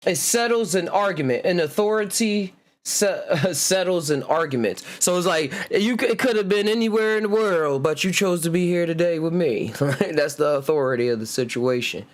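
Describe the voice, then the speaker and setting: Man, fairly high voice, laid-back, chuckling, slow reading. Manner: laid-back, laughs often, reads words out slowly. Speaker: podcast host. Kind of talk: casual solo chat reading etymology.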